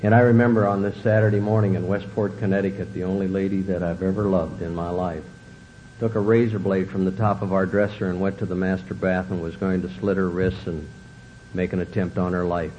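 Middle-aged man, earnest testimony speaker, acts out dialogue; muffled old recording with faint rumble. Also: flat delivery, a little fast, dark tone. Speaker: recovery speaker. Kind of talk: personal testimony talk.

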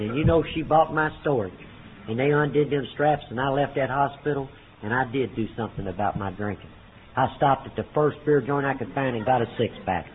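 Guy sharing his story at a meeting, folksy, goes loud then real low, tinny phone-like sound with a little hiss. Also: fairly quick. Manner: folksy storytelling, swinging between loud punchlines and low hushed quotes. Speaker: recovery meeting speaker. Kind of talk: personal testimony to a meeting. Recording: tinny phone-like recording with faint noise.

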